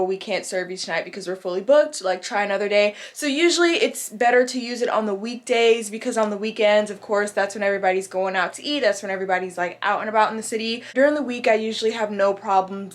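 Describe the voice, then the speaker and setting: A young woman chatting casually to camera as a vlogger, venting in a chatty way with lots of fillers. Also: mid-range voice. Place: her apartment in the city.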